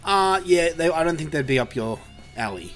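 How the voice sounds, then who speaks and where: A man's voice: fairly high pitch, big pitch swings, moderate pace, a bit bright. A laid-back man chats casually about a film, stumbling through fillers and swearing freely. Faint music plays behind him. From Australia. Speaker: podcast host reviewing a film. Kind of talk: casual chat.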